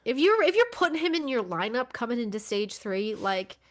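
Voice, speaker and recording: A woman's voice: on the high side, very animated, brisk. A woman co-hosting a motorsports podcast, talking through racing news in a wry, exasperated way and swearing casually. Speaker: podcast co-host.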